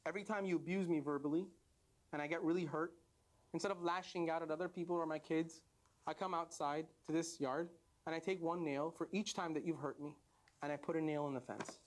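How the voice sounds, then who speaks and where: A man voicing a long-suffering wife in a told parable, speaking softly and hesitantly. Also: fairly high pitch, steady tone, a little fast, pitched below the performer's own voice, close to an everyday voice. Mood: hurt.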